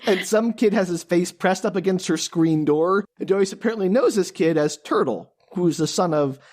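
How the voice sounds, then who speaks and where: A man's voice: high-pitched, normal speed, a little mellow. Wry man recapping a movie. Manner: wry, sarcastic, dry asides. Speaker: podcast co-host recapping a movie. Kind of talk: casual chat.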